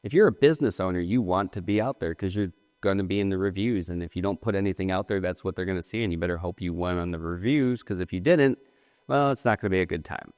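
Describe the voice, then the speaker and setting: A man with a very deep voice makes his points bluntly and with emphasis on a live panel. His voice is close and dry, with a long hall reverb behind it. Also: fast, a little mellow. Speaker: podcast co-host. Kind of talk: casual panel talk. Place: hall at a trade show.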